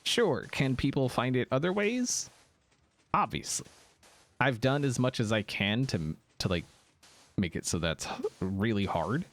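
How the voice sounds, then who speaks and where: A man's voice: medium pitch, lively intonation, measured pace. A young man streaming a game, chatting casually with viewers in a slightly sick voice with a lingering cough, rambling with ums and laughs. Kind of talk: casual livestream chat answering viewers.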